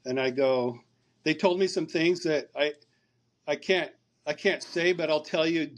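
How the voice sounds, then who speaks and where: A man's voice: fairly high pitch, a little slow. A man, a podcast guest, telling a long story over a remote call, rambling and repeating words as he recounts conversations.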